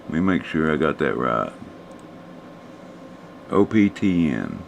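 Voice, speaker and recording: A man, hoarse and losing his voice, casually talking through stock charts for a live stream audience. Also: extremely low pitch, slow pace, a little hiss or hum. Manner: relaxed, rambling, talks to chat viewers.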